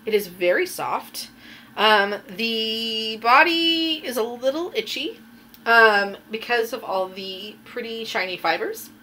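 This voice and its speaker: Showing off her finished projects on her knitting podcast, a woman talks slowly in a casual, slightly rambling show-and-tell chat full of ums. She sounds a little high, bright and forceful, with a faint hiss or hum behind her.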